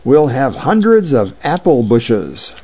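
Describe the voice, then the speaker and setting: A man's voice: medium pitch, sing-song, takes it slowly, mellow, breathy edge, dull audio, full character voice. Lucy, a bossy little girl voiced by a man. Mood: confident.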